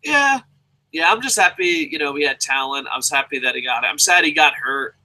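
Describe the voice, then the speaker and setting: Bright-voiced man ranting profanely. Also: a little high, brisk, low-quality recording. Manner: profane, animated, jokey. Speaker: wrestling commentator. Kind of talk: casual rant.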